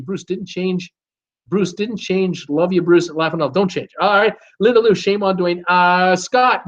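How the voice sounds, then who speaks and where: A man's voice: a little high, highs cut off. A middle-aged man hosting a live cruise chat stream, chatty and upbeat as he reads out viewer comments with lots of fillers. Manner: chatty, upbeat, reads names and greetings aloud with many fillers.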